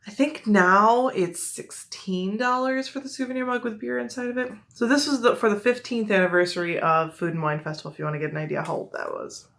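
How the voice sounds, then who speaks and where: A woman's voice: medium pitch, steady tone, a little fast, gravelly, hardly any pauses, fairly bright tone. A young woman with a Midwestern accent, chatting casually and rambling with many fillers and self-corrections as she shows off her collection. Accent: American Midwest. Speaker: collector showing her mugs. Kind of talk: casual show-and-tell chat.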